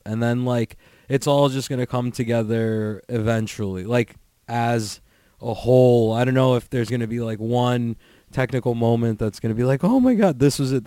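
A man's voice: mid-range voice, dark tone, no echo. A man hosting a podcast alone, chatting casually in a rambling, profane way full of "like" fillers. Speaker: podcast host. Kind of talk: casual solo podcast chat.

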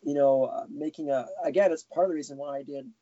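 Man, slightly high voice, mellow, dry close sound, dull lo-fi audio, rambling casual interview talk. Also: fairly even intonation, quick pace, no room sound. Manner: rambling, self-correcting, chuckling. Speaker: guest animator.

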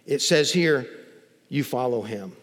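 A man's voice: mid-range voice, expressive, long reverb tail. A man preaching a sermon as pastor, stretching key words and building to emphatic, repeated phrases. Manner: emphatic, drawn-out preaching with rising intensity and repetitions. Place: church sanctuary.

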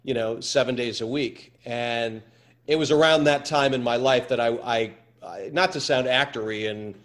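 A man, an actor being interviewed, telling stories in a halting way with many repeated words. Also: mid-range voice, fairly bright tone. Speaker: actor guest. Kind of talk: anecdotal interview chat.

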